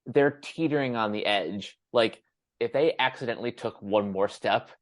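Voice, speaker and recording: A man co-hosting a podcast in casual chat, explaining things in a measured way. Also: mid-range voice, no room sound. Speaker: podcast co-host.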